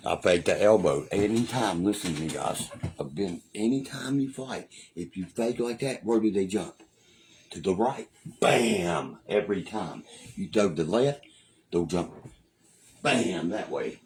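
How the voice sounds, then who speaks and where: A man's voice: low voice, animated, normal speed, darkish tone, a little hiss or hum. A young man from West Virginia with a West Virginia accent, ranting and boasting on a casual livestream, swearing freely and often asking "you know what I mean". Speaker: live streamer.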